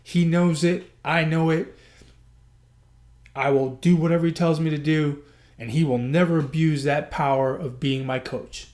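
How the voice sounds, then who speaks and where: A man's voice: on the high side, steady tone, measured pace, darkish tone. A man hosting a podcast, telling a personal story in an earnest, emotional way, often repeating himself. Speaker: podcast host.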